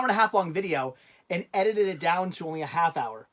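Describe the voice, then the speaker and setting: A man with a fairly high, somewhat bright voice hosts a casual livestream, talking expressively at a fairly quick clip. He rambles, trails off mid-thought, restarts sentences, and laughs easily as he keeps chatting.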